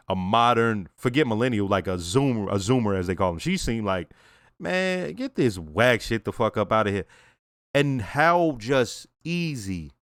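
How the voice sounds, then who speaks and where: A young man hosting his own reaction channel, casually reviewing a TV episode in blunt, profane talk and acting out the characters in quick asides. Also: medium pitch, a bit bright, no room sound, studio quality.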